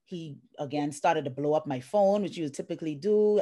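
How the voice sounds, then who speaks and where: A woman's voice: sits low, a little fast, few pauses. A middle-aged woman from the Bahamas, a life coach and guest, telling a personal story with feeling, acting out what others said, over a video call. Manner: emotional, animated retelling with acted-out quotes.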